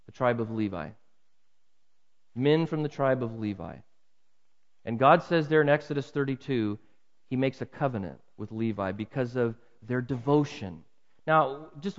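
A man preaching a sermon earnestly, swinging his pitch and loudness for emphasis. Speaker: pastor. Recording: muffled with long hall reverb.

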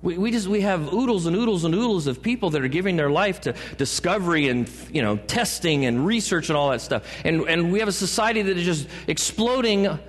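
Pastor, male, joking sermon delivery, slightly high voice, long church reverb. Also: lively intonation, fairly quick, few pauses. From California. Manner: joking asides and playful put-on voices. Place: church sanctuary.

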